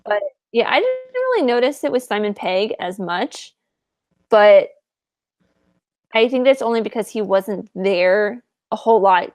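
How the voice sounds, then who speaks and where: A woman's voice: on the high side, darkish tone, no echo, studio quality. A woman co-hosting a podcast, chatting casually with lots of "like" fillers. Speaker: podcast co-host. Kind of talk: casual chat.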